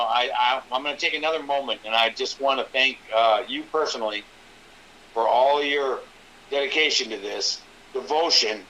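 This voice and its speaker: A man's voice: medium pitch, pushed and bright, slight background noise, low-quality recording. An older man talking as a guest in a casual live-stream chat, earnest, emphatic and folksy. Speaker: podcast guest.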